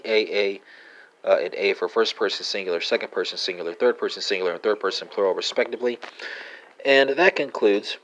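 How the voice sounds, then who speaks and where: A man hosting a language-lesson podcast, going methodically through verb forms and spelling them letter by letter with frequent fillers. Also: deep voice. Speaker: podcast host teaching languages.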